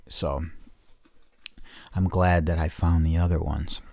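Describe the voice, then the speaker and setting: A man's voice: lowish voice, no echo. A podcast host in casual, rambling storytelling, swearing a lot and repeating himself as he talks. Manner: profane, restless, repeats himself.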